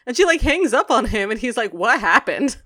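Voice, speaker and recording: A woman's voice: fairly high pitch, fast talker. A woman co-hosting a podcast, casually recapping a cartoon episode and acting out the characters' lines. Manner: animated, acts out quotes. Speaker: podcast co-host.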